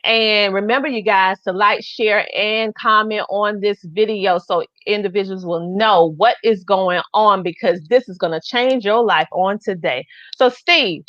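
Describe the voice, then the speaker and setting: A woman's voice: medium pitch, unhurried, hardly any pauses, fairly bright tone, no room sound. A woman with a Southern US accent hosting a live online show, talking in an effusive, enthusiastic way. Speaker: host. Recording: dull lo-fi dry sound.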